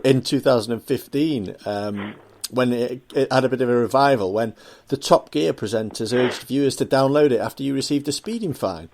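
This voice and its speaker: A male radio host interviews a guest, mostly with short agreements and the odd chuckle. He leads into his questions with halting restarts. His pitch sits in a middle range. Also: darkish tone. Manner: affirming, chuckles, halting lead-ins. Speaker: radio arts show host.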